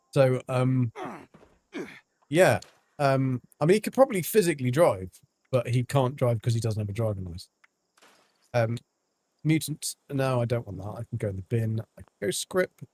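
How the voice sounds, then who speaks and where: A man's voice: mid-range voice, animated, moderate pace, long pauses, darkish tone. A man from Devon, chatting casually on a game livestream, rambling with lots of ums. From England, Devon. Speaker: game streamer. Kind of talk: casual livestream chat while gaming.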